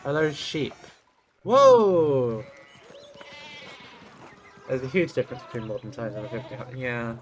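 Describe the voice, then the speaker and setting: A man's voice: medium pitch, a little slow, pauses often, a little hiss or hum. A young man streaming a game, commenting casually in a rambling, self-deprecating way. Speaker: gaming streamer. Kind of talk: casual let's-play commentary.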